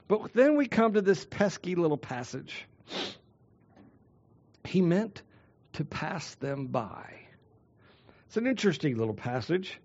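A man preaching a sermon as a pastor, swinging between loud declarations and hushed, drawn-out phrases. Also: fairly high pitch, muffled recording.

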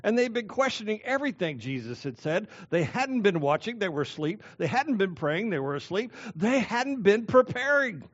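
A man preaching a sermon in a fairly high voice, leaning hard on key words and pausing for effect. The sound is dry and close, a little muffled. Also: very animated, no echo. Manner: emphatic preaching with dramatic pauses and shifts in volume. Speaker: pastor.

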